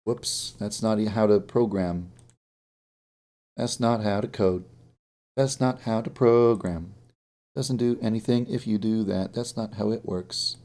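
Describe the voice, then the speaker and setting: A man's voice: lowish voice, fairly even intonation, measured pace, dark tone. Man muttering through a coding stream. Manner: mutters to himself while working, with jokey asides. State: sleepy. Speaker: indie game developer streaming. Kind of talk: live-stream coding commentary.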